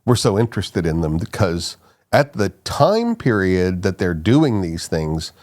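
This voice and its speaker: Low-ish voiced middle aged guy, archaeologist guest, chatty and laughing, restarts his sentences a lot. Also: big pitch swings, measured pace, a little mellow. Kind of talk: casual storytelling interview.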